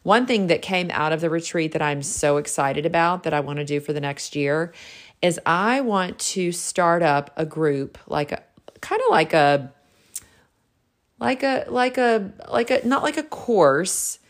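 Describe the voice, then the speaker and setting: Bubbly low-voiced woman telling stories. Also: animated, a little slow. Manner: bubbly and gushing, heavy use of "like". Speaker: realtor and podcast host. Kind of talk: casual solo storytelling.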